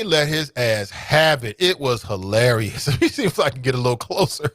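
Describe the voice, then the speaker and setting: A man hosting a talk show with an American Midwest accent, giving casual commentary, animated and laughing, swinging from loud outbursts to low asides. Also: normal speed, few pauses, dry recording, clean studio sound.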